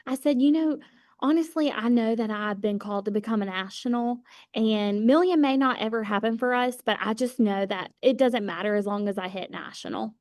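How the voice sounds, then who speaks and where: Lady pumping up her sales team, kinda high voice, repeats herself for punch. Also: moderate pace, a little mellow, no room sound, clean studio sound. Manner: emphatic, repeats phrases, Southern "y'all". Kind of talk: motivational team talk.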